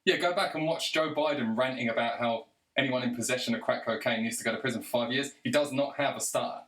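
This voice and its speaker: A man rants straight to the camera, angry and sarcastic, swearing freely as he goes. His voice sits at an ordinary male pitch, and the room around him lends a noticeable echo. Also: fast talker, fairly bright tone. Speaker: video commentator. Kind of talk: ranting monologue. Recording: roomy echo.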